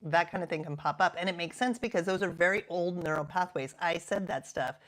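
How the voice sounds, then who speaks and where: A woman in her fifties, a coach talking reflectively and earnestly, sometimes sinking to a soft half-whisper for emphasis. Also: lowish voice, fairly quick. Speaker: coach and podcast host. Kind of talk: reflective self-help talk.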